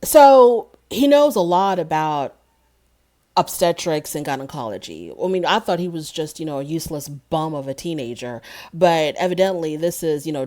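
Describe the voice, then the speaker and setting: Low-voiced sarcastic woman reviewer. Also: warm tone. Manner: sarcastic and indignant. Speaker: TV show reviewer. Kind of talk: casual recap commentary.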